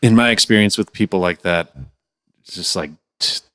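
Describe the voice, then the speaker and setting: Man, very low voice, podcast host, relaxed probing questions. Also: moderate pace. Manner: asks probing follow-up questions. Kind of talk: casual interview.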